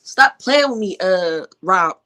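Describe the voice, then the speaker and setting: Sassy woman with a lively voice. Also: medium pitch, slow. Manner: sassy, teasing roasts. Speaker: live stream panelist. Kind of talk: casual chat.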